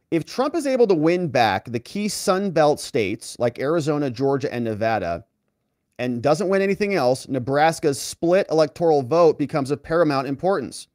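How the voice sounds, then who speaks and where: A man's voice: a little high, no echo, studio quality. A man hosting a political commentary show, talking emphatically and directly to his viewers. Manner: animated, emphatic, talks straight to viewers. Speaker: host.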